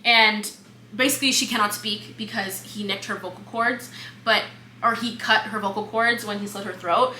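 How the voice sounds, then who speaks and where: A young woman co-hosting a book podcast, retelling the plot in casual chat, expressive and swearing freely. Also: mid-range voice. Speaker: podcast co-host. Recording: echoey room with faint hum.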